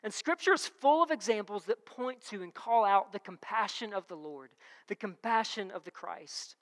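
A woman's voice: medium pitch, expressive, moderate pace, in a large hall. A woman preaching a sermon in a conversational way, repeating key phrases and reading scripture aloud.

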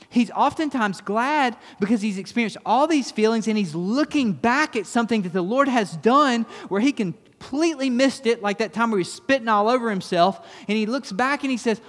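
A pastor giving a conversational sermon that turns emphatic, then closes in quiet prayer. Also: male voice, very high-pitched. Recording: long reverb of a church hall.

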